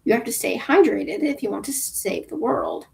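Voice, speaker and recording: A woman's voice: medium pitch, huge pitch swings, moderate pace, gravelly. A woman reading a novel aloud for a book club, casual, with offhand asides about her own reading.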